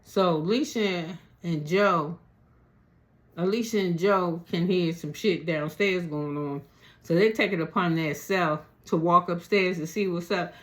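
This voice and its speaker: A man casually recapping a reality show, retelling the drama in profane, slangy gossip. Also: fairly high pitch.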